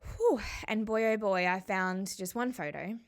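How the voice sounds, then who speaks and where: A woman and spiritual coach telling a personal story to the camera in a reflective, heartfelt and conversational way, slowing down on emotional words. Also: mid-range voice.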